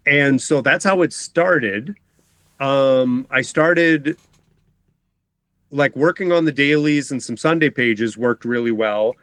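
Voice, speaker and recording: A man's voice: medium pitch, slow, fairly bright tone, no room sound. A middle-aged man talking as a cartoonist guest in a casual interview, rambling, often breaking off mid-sentence and laughing. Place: home basement.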